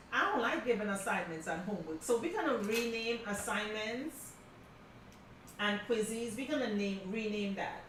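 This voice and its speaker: A middle-aged woman teaching a crafting class, telling stories in a casual, animated way and calling her students y'all. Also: medium pitch, a little slow, a little hiss or hum. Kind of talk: casual class talk, storytelling. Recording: very echoey room from a distance.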